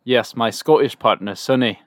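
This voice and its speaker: A man's voice: medium pitch, normal speed, dry recording, studio quality. Playful man co-hosting a casual podcast. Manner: playful, stumbling restarts, laughs often. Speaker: podcast co-host. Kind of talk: casual chat.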